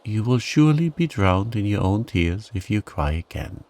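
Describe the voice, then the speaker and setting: A man's voice: lowish voice, expressive, normal speed, a little mellow, no room sound. A man voicing a fussy, earnest male talking frog in a storybook tale. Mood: coaxing.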